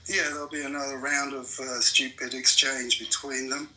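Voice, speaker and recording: A man's voice: medium pitch, flat delivery, normal speed, bright, forceful tone, low-quality recording. A man in a heated political argument, furious and swearing constantly as he rants. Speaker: debate participant.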